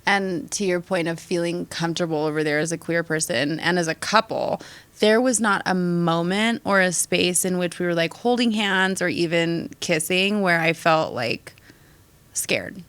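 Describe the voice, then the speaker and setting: A woman's voice: fairly low pitch, moderate pace, no echo. A young woman hosting a casual podcast chat, telling stories bluntly and swearing freely. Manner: animated, blunt storyteller who swears freely. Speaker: podcast host.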